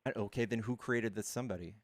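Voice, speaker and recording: A man debating a caller on his stream, arguing fast, cutting in and trailing off mid-sentence. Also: fairly low pitch, no room sound, clean studio sound. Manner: argumentative, quick to interrupt, trails off mid-sentence. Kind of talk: casual debate.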